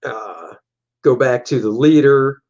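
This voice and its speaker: A man's voice: medium pitch, takes it slowly. Casting: easygoing male comic artist, mid-range voice, rambling stream talk, slightly dull lo-fi audio. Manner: relaxed, rambling, acts out panel dialogue in silly voices. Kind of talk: casual livestream commentary.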